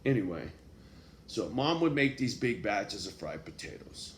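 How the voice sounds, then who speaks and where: A man's voice: fairly low pitch, big pitch swings, measured pace. A man telling a personal story in a casual, profane way, full of street slang and tag questions. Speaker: vlogger. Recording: echoey room with faint background noise.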